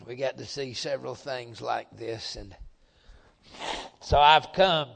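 A middle-aged man preaching a folksy revival sermon, joking with the congregation and swelling into loud emphatic bursts. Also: mid-range voice, slow pace, gravelly.

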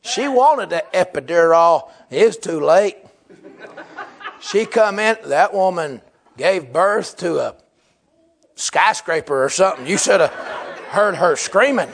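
A high, lively male voice with a drawl, swinging from big shouts to low, drawn-out lines. He preaches with a comic storytelling flair and laughs often. His delivery is slow and deliberate. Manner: animated, loud, often breaking into laughter and shouting. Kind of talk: humorous sermon storytelling.

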